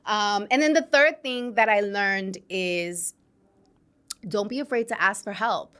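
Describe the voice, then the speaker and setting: Woman host, 30s, from New York City. Animated, conversational, laughs easily. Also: medium pitch, measured pace, clear, resonant tone. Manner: chatty and animated, laughs often, addresses listeners directly. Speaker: podcast host. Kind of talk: casual storytelling monologue. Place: studio.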